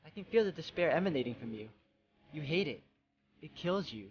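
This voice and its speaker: A man's voice: a little high, expressive, a little fast, a little hiss or hum, lightly acted. A man doing a scornful, tempting witch spirit. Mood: taunting. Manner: quiet, taunting, insinuating. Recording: slightly dull, muffled sound.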